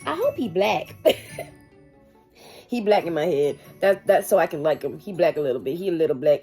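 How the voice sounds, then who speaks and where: A woman's voice: lowish voice, animated, moderate pace, pauses often, warm tone, soft background music. A woman in her twenties reacting to a book in a casual reading vlog, swearing, laughing and shrieking as she reads. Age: 20s. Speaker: book reviewer.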